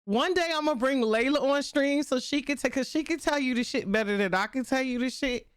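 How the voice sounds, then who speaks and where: A woman's voice: sits high, fairly quick, clean tone, no room sound, studio quality. A young adult woman streamer chatting casually, telling a family story with slang and a lot of laughter. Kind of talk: casual live-stream chat.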